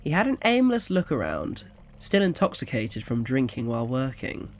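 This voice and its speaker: A man narrating an audio story in a quiet, even storytelling manner. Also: mid-range voice, moderate pace.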